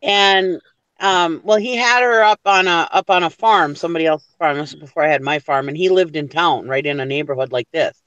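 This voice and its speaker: A man's voice: a little high, a little fast, fairly bright tone, clean tone, no echo, muffled recording. A man telling a long anecdote in casual chat, rambling with many restarts and fillers.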